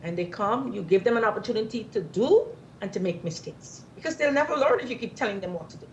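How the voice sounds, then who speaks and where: A middle-aged woman answering interview questions in an animated, storytelling way. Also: mid-range voice, fast talker, slight background noise. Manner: animated, storytelling, acts out quoted voices. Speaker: interview guest. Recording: slightly dull lo-fi recording.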